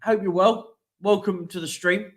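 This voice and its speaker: Casual male streamer, high-pitched, loose and chatty, reads lists and greets viewers. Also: steady tone, measured pace. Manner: chatty, reads out team lists and shout-outs. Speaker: streaming show host. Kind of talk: casual live-stream chat.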